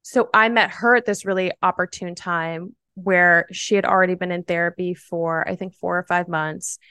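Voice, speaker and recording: A woman's voice: on the low side, moderate pace, clean tone, dry recording. Chatty woman telling a story, dry sound. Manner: animated, chatty, full of "like" fillers. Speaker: podcast guest. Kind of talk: casual storytelling.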